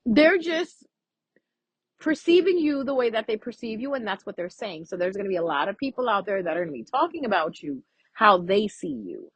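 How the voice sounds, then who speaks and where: Woman, astrology vlogger, casual and profane, husky voice, dry close sound. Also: medium pitch, very animated, a little fast, dry recording, rough recording. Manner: frank, profane, chatty. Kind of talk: casual spoken astrology reading.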